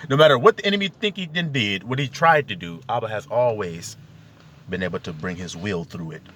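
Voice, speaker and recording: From his car, a self-proclaimed preacher passionately exhorts his audience in a spiritual monologue full of rhetorical questions. He speaks at a moderate pace in a fairly low, expressive, slightly bright voice. There's a little hiss or hum in the recording.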